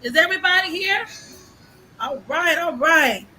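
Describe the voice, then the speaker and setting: High bright excited woman livestream host. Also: a little slow, a little hiss or hum, low-quality recording. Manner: excited, effusive, laughing and shouting greetings. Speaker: live stream show host. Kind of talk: enthusiastic live stream introductions.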